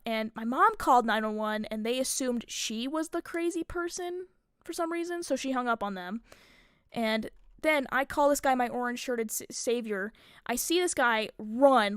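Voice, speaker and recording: A woman's voice: fairly high pitch, normal speed, smooth, no echo, studio quality. A young adult woman streamer telling a story in a casual, rambling way, swearing often and saying "like" a lot. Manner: rambling, profane, many filler likes.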